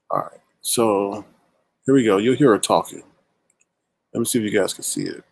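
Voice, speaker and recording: A man's voice: fairly low pitch, very animated, a little fast, long pauses. A man hosting a casual livestream commentary, chatty and greeting viewers by name as he talks. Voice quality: husky. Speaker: livestream host.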